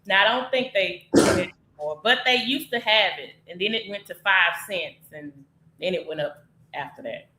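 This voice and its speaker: A woman chatting casually as a guest, relaxed and chiming in. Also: medium pitch, moderate pace, echoey room, slight background noise. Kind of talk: casual interview chat.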